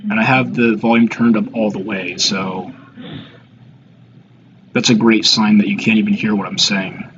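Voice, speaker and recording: Male YouTuber, 20s, low-ish voice, halting and self-mocking, muffled lo-fi recording. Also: fairly even intonation, noisy background. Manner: rambling and halting, with many fillers and restarts; self-deprecating. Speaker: YouTuber reacting to his old videos. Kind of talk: casual reaction commentary.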